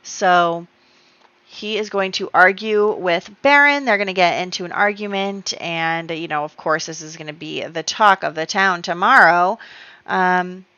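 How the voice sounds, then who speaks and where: A woman's voice: fairly low pitch, measured pace, pushed and bright, clean tone, dry recording. A woman casually commenting on her life-sim game, chatty and storytelling, with many fillers. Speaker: gameplay YouTuber. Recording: dull lo-fi dry sound.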